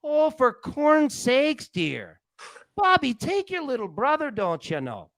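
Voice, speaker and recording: Casting: fussy folksy cartoon mom, done by a man, high, slow, sing-song. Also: huge pitch swings, a bit bright, dry recording, clean studio sound, heavily acted. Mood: fussing. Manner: drawn-out sing-song scolding. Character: folksy cartoon mom, middle-aged woman, fussing.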